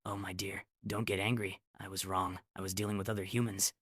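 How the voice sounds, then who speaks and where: A henpecked demon king murmurs in a low, subdued voice, trying to placate his wife; a man puts him on. The tone is bright and dry, with a quiet, timid delivery. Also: normal speed, no room sound. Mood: placating. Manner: soft, placating.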